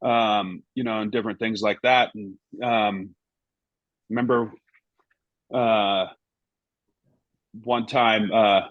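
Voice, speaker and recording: A man's voice: lowish voice, steady tone, slow pace, pauses often, dry recording, highs cut off. A middle-aged man, a former goalkeeper and now a podcast guest, who tells anecdotes in a rambling way and keeps adding "you know" and "right?". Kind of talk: casual anecdote telling.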